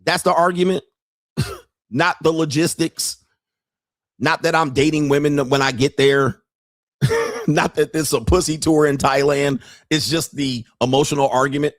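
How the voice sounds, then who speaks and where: A man hosting a podcast, telling a story in a profane, animated way with frequent laughter. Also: fairly high pitch, unhurried, pauses often, dry recording, clean studio sound. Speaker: podcast host. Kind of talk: casual monologue.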